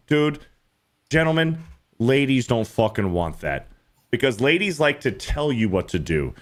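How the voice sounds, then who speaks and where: A man hosting a casual podcast chat, talking bluntly with lots of swearing and mimicking others in high mocking voices. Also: sing-song, moderate pace, fairly bright tone. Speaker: podcast host.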